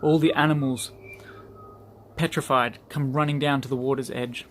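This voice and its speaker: A man's voice: medium pitch, fairly even intonation, moderate pace. A man delivers an earnest motivational talk to the group he leads. His voice sits mid-range, and he repeats phrases to drive points home. Faint background noise runs underneath. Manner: earnest, repetitive for emphasis. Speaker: group leader.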